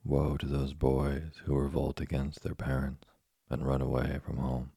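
Calm preachy old cricket in a storybook, read by a man, very low gravelly voice, flat delivery. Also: measured pace, dry recording, clean studio sound, full character voice. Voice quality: gravelly and husky. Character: patient old philosopher cricket, male.

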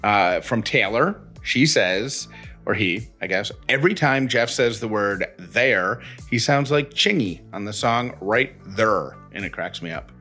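A man's voice: lowish voice, lively intonation, measured pace, sharp tone, soft background music. A man co-hosting a podcast, chatting casually and reading listener texts with rambling self-corrections. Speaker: podcast co-host.

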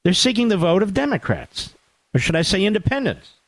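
A man hosting a talk radio show, delivering a sarcastic, animated political monologue with asides to his producer. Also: high voice, fairly quick.

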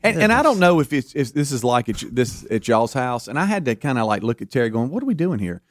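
A middle-aged man co-hosting a radio show in casual chat. He tells stories lively and acts out the quotes. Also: mid-range voice, fast talker, no room sound, clean studio sound. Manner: animated storyteller who acts out quotes. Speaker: radio co-host. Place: radio studio.

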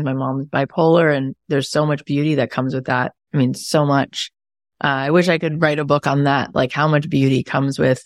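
A woman's voice: deep voice, no echo, studio quality. A woman in her thirties hosting an interview, chatty and enthusiastic with many fillers. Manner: enthusiastic, chatty, lots of "you know" and "like". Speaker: podcast host. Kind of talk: casual interview chat.

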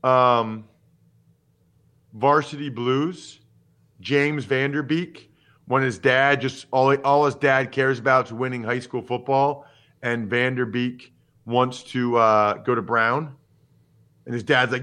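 A man in his forties hosting a casual sports podcast, talking in an animated, emphatic and opinionated way with jokes. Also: medium pitch, slow. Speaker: podcast host and former football player.

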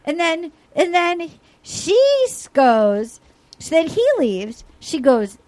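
Animated high-voiced woman recapping. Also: takes it slowly. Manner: dramatic, acts out quotes in exaggerated voices, laughs often. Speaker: podcast host. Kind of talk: animated comedic recap of a dating show. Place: studio with guests in person.

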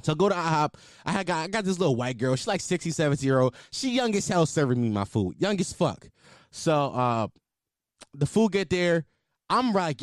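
A man in his twenties telling a story casually, animated and full of profanity. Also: fairly high pitch, brisk, no room sound, clean studio sound. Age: 20s. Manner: profane, animated, exaggerated outrage.

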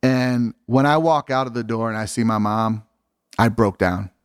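A man's voice: medium pitch, fairly even intonation, moderate pace, clean tone, no echo, studio quality. A middle-aged man from Illinois, a podcast guest telling his story in casual, blunt talk, swearing freely and acting out what others said.

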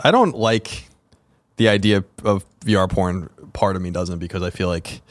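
A man's voice: low voice, moderate pace, no room sound. A man co-hosting a podcast in casual chat, with dry, teasing banter. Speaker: podcast co-host.

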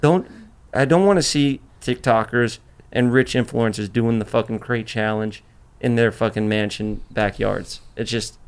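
A man's voice: medium pitch, unhurried, few pauses, clear, resonant tone. A man hosting a podcast in casual chat, brash and boastful, swearing freely as he talks. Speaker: podcast host.

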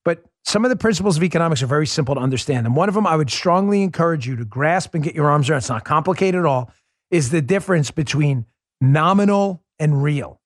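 A man's voice: on the high side, animated, fast, no echo, clean studio sound. A man hosting a political talk show, delivering an emphatic, sarcastic monologue full of rhetorical questions.

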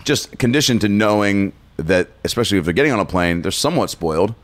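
A man hosting a casual comedy podcast, animated and fond of acting out little voices. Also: on the low side, quick pace, no room sound. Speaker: podcast host.

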